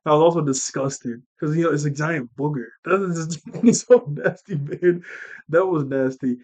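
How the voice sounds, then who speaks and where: A young man casually recapping a movie he watched as a kid, rambling, animated and laughing as he acts out lines. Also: a little high, moderate pace. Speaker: movie reviewer.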